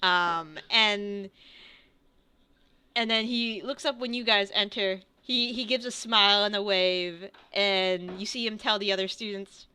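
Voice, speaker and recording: A young woman runs a tabletop game as its game master. She narrates slowly and hesitantly, with many fillers and restarts. Her voice is bright and very clear. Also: mid-range voice, steady tone.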